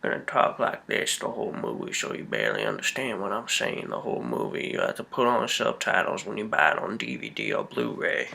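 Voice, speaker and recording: A man's voice: low-pitched, big pitch swings, brisk, vocal fry, few pauses, bright, forceful tone, voice pushed down, heavily acted. A man putting on a lazy, mumbling Southern US drawl as a farmer who talks out of the side of his mouth. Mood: mocking.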